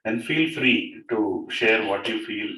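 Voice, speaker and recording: A man's voice: lowish voice, lively intonation, takes it slowly, bright, forceful tone. A man leading a devotional gathering in a home, telling a story animatedly, chuckling and often asking "right?". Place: living room of a home. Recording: echoey room, mic far off, faint noise.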